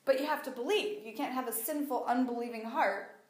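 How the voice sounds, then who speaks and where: A woman teaching the Bible in a conversational sermon, animated and fond of acting out what people say. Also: fairly high pitch, a little fast. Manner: animated, acts out quoted voices. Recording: echoey room.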